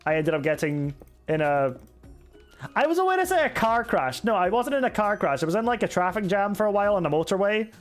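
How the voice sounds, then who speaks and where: A young man with a Scottish accent chats his way through a live game stream, picking up viewer comments and laughing at himself. His voice sits a touch higher than most men's, with soft music playing faintly underneath. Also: very animated, a little fast. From Scotland. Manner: chatty and self-mocking, reads chat messages aloud and answers them. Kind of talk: casual live-stream chat while gaming. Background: faint background music.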